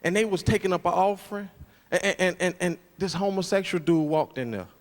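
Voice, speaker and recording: A man's voice: sits high, fairly quick. A man performing a stand-up routine on a club stage, telling stories and acting out the people in them. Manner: animated storytelling, acting out characters. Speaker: stand-up comedian. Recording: roomy hall with loud crowd noise. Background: audience laughter.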